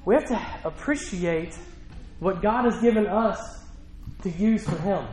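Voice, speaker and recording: A man's voice: high voice, a little slow, a little mellow, rough recording. A male pastor preaching a sermon in a church, talking conversationally with rhetorical questions and emphatic repetition.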